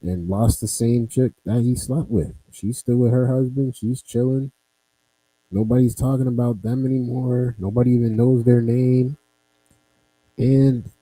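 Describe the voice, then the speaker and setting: A man's voice: medium pitch, mellow, low-quality recording. A man hosting a casual talk show, laid-back, reacting and summing up. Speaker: podcast host. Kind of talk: casual chat.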